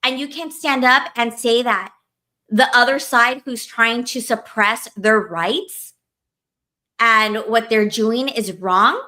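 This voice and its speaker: A woman with a bright, slightly high voice rants in a casual podcast chat. She is heated and profane and leans on "like" all the time. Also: takes it slowly. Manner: heated, profane, lots of "like" fillers. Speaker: podcast co-host.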